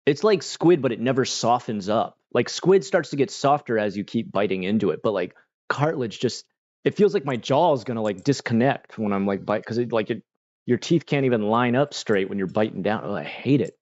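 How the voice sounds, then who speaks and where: A man's voice: mid-range voice, lively intonation, fairly quick, a little mellow. A man hosting a livestream, chatting with viewers in a laid-back, slangy way full of fillers. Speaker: livestream host answering chat. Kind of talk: casual livestream chat. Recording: dull lo-fi sound.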